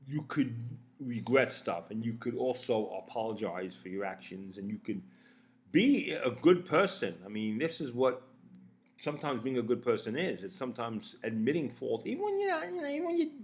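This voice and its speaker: A man's voice: lowish voice, fairly bright tone. A man talking to camera in a rambling, casual monologue, blunt and profane, with frequent restarts and fillers. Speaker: vlogger.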